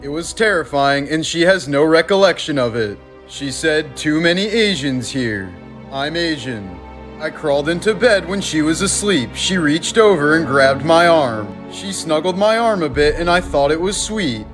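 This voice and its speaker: A man reading creepy stories for a short video compilation in an even, measured way. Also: a little high, over music. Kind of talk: narrating a compilation clip.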